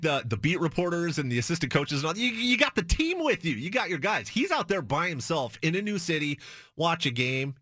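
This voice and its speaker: A man talks basketball with a bright, forceful voice and tells a story by acting out both sides of a conversation, his pitch jumping up and down. The sound is dry and close, with no room around him. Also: no room sound. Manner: animated, acts out dialogue with shifting pitch. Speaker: podcast co-host, former beat reporter. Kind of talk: casual basketball chat, storytelling.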